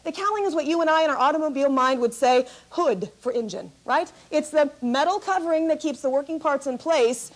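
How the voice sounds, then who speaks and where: A woman keynote speaker telling a comic story to an audience, animated and laughing as she talks. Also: a little fast, hardly any pauses. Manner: animated, laughing, high-energy.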